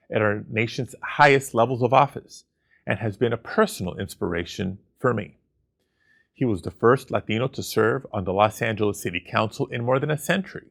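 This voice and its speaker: Gravelly man giving formal acceptance speech. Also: mid-range voice, a bit bright. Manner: measured, formal, reading prepared remarks. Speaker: award recipient, senator.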